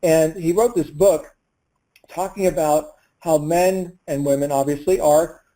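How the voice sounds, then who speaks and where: A man's voice: a little high, unhurried, warm tone, rough recording. A man hosting a group coaching call and introducing a guest, talking with many fillers and restarts.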